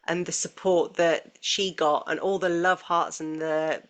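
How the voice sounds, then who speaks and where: A woman's voice: fairly low pitch, fairly even intonation, measured pace. A woman co-hosting a podcast in casual, earnest conversation, often restarting phrases and acting out quoted voices. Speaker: podcast co-host.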